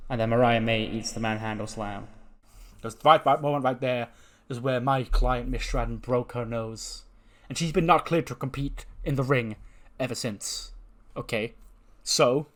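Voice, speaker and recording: A man casually retelling a wrestling storyline he booked, briefly voicing the characters as he goes. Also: mid-range voice. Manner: animated, briefly voices characters while recapping. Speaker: wrestling sim game streamer.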